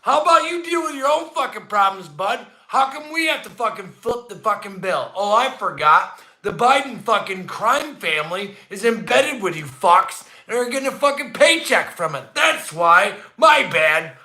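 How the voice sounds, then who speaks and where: A man hosting a casual livestream from his home, ranting with heavy swearing and swinging from low grumbles to shouts. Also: big pitch swings, moderate pace, hardly any pauses. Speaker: livestream host. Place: indoor room at home, not the barn. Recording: echoey room.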